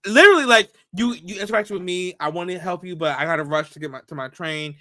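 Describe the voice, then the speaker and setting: A man co-hosting a podcast in casual chat, telling stories in a playful, animated way with quick asides. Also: high voice, no echo. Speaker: podcast co-host.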